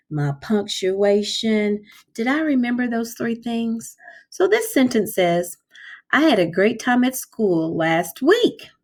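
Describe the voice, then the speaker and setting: A woman teaching kindergarten, talking slowly and clearly in a sing-song voice and stretching out the hard words. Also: fairly high pitch. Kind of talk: slow, clear classroom instruction for young children.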